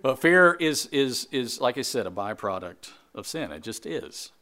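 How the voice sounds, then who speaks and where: A man preaching a sermon to a congregation in a conversational way, with jokes, quick asides and repeated phrases. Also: medium pitch, sing-song, bright, forceful tone. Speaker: pastor.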